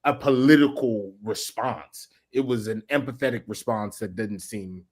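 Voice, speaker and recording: A man co-hosting a comedic news podcast, chiming in with wry asides. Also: fairly low pitch. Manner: quick interjections, wry asides. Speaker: podcast co-host. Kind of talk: casual comedic news chat.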